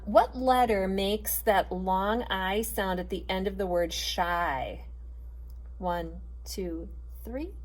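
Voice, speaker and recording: Middle-aged woman teacher, slow and patient, sounds out letters for kids, encouraging. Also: medium pitch. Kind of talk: online phonics lesson for children.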